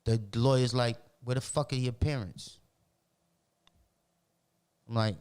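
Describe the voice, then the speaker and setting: A man from Roxbury, telling animated, profane stories as a podcast guest in casual talk. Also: mid-range voice, takes it slowly, clean tone. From Roxbury, Boston. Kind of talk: casual storytelling.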